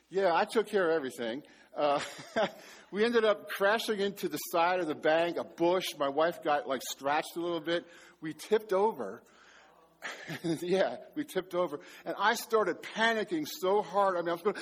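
High-voiced man preaching a sermon. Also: moderate pace. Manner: storytelling, self-mocking, animated. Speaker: pastor.

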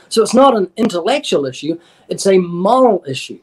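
Earnest evangelist man, slightly high voice. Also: sing-song, fairly quick, a little mellow, husky. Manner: earnest, emphatic, quotes scripture and acts out dialogue. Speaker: evangelist guest. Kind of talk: radio interview, preaching-style explanation.

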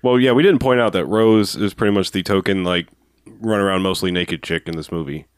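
Low-voiced joking man in casual chat. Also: brisk, clear, resonant tone, dry recording, studio quality. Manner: joking, drops to low mumbles.

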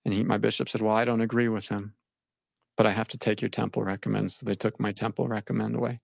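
Young man, low and gravelly, halting and shaken delivery, dry recording. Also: level tone, no echo. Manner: halting, repeats words, shaken. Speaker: interviewee recounting his experience. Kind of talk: emotional personal account.

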